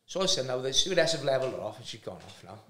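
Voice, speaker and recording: Animated man telling stories. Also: mid-range voice, very fast. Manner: animated anecdote-telling with voiced impressions. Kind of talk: casual chat, storytelling. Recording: roomy echo.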